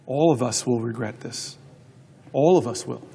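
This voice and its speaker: A man in his fifties, a senator holding the floor, telling anecdotes in a halting way with repeated words. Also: medium pitch, vocal fry, warm tone, breathy edge. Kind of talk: floor speech with storytelling. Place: large legislative chamber. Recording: long reverb of a large chamber.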